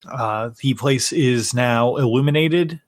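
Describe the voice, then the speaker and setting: A man narrating as game master, unhurried, with frequent fillers and self-corrections. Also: medium pitch, dry recording, studio quality.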